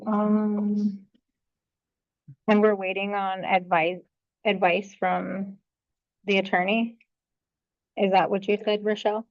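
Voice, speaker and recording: A woman on a board, speaking in a brisk, practical way during meeting discussion. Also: mid-range voice, level tone. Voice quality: gravelly. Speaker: board member. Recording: muffled lo-fi meeting recording.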